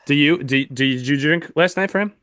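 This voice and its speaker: Casting: male podcast co-host, relaxed, short quips, dry close mic. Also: a little high, moderate pace, dry recording. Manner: short backchannels, laid-back, jokey. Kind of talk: casual chat.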